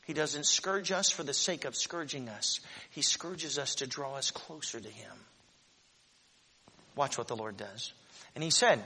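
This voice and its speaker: A man in his forties preaching a sermon, swinging between shouted proclamation and quiet, close talk. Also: a little high, expressive, moderate pace, breathy edge, long reverb tail. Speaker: pastor.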